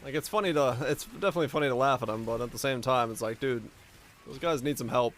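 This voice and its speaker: A man streaming a video game, reading viewer messages and chatting casually in a relaxed, rambling way. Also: mid-range voice, fast talker, a little hiss or hum. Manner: relaxed, rambling, reads chat aloud. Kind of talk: casual chat while playing.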